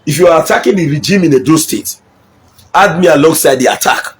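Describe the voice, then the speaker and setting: A middle-aged Nigerian man with a high, husky voice delivers a fiery political address. He slides between Pidgin and English and hammers his points home by repeating them. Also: expressive, a little fast. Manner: impassioned, mixes Pidgin and English, repeats for emphasis. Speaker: local politician. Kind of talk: political speech.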